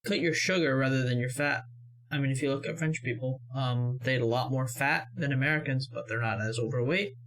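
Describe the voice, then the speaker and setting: A man's voice: medium pitch, brisk, a bit bright. A man hosting a reaction video, commenting in a thoughtful, mildly amused, hesitant way.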